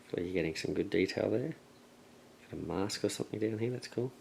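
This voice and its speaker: A man hosting a board game channel, casually unboxing and thinking aloud with relaxed, hesitant fillers. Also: lowish voice, fast talker, gravelly, slight background noise, poor audio. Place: at a table, handling game pieces.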